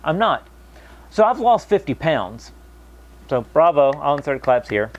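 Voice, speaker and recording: A young American man talking casually to camera, animated, mocking other people's voices when quoting them. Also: on the high side, measured pace, muffled recording. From United States. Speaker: vlogger.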